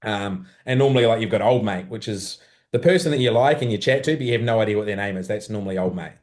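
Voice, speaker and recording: A man hosting a podcast, explaining things plainly in a relaxed casual chat. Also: lowish voice, quick pace. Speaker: podcast host.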